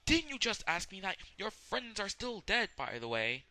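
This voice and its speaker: A gloating male villain with a shrill, raised voice and a sneering, sarcastic delivery, as a man puts him on. He mocks and taunts, pitched far above a normal speaking voice. He sounds loud and cutting. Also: wildly swooping pitch, moderate pace, no echo, full character voice.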